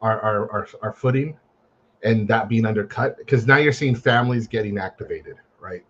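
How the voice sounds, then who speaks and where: A man who is a parent, a guest in casual chat, speaking haltingly and repeating words while he searches for what to say. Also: fairly low pitch, fairly bright tone, breathy edge, muffled recording.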